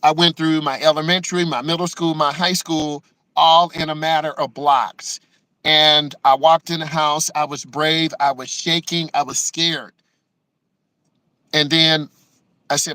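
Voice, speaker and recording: A man's voice: fairly high pitch, flat delivery, unhurried, pushed and bright, no room sound, low-quality recording. A man, a driving instructor, telling personal stories in an emotional way and tagging many lines with "right?". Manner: emotional, acts out quotes with many "right?" asides. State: emotional, close to tears. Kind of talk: personal storytelling to the camera.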